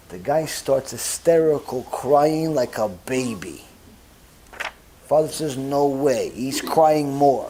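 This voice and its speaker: A rabbi giving a Torah lecture, telling a story as an animated storyteller who acts out each character's lines. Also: male voice, fairly high pitch, a little hiss or hum.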